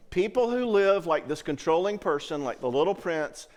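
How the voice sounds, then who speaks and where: A man's voice: a little high, expressive, normal speed, a little mellow. A middle-aged man giving a conference talk on marriage in a conversational way. He keeps checking in with the audience as he speaks. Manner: conversational, acts out quoted voices, frequent check-ins.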